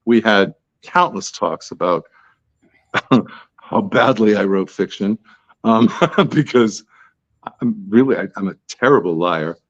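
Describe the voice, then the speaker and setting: A man's voice: on the low side, slow pace, long pauses, no echo, dull audio. A man being interviewed as an author, talking in a chatty, tangential, self-deprecating way. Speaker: author guest. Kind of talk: podcast interview answers.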